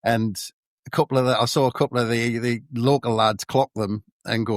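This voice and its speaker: A man's voice: medium pitch, a little fast, dry recording, clean studio sound. A man from the North East of England with a Sunderland accent, telling stories as a podcast co-host in casual chat. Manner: animated anecdote teller, acts out voices.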